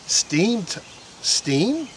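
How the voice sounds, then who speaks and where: A man's voice: high voice, big pitch swings, extremely slow. A man hosts a paranormal outing outdoors, speaking through a handheld camera mic. He rambles and restarts as he chats with his viewers, with a faint hiss of noise underneath. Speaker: paranormal investigator host. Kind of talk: casual on-camera commentary. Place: outdoors in a historic park field.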